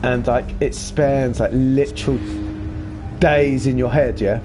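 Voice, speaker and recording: With music playing in the background, a young man streaming a game talks slowly and playfully with his live chat, rambling and bursting into silly shouts. His pitch is medium and his intonation fairly even.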